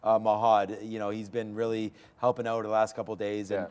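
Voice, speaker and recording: A man's voice: fairly low pitch, level tone, brisk, a little mellow, clean tone. A man hosting a live day trading show from a studio trading floor, chatting casually about trades with loose fillers. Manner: loose and laughing, lots of fillers.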